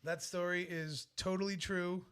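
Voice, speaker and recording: A man's voice: high-pitched, level tone, a little slow, a bit bright, clear, resonant tone. A man co-hosting a live-stream podcast, telling a story animatedly, laughing and swearing freely. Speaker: podcast co-host. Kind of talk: casual live-stream chat.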